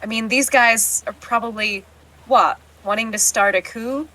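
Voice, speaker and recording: A woman's voice: fairly high pitch, a little slow, bright, forceful tone, low-quality recording. A woman playing a tabletop game, chatting casually with a wry tone. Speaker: player.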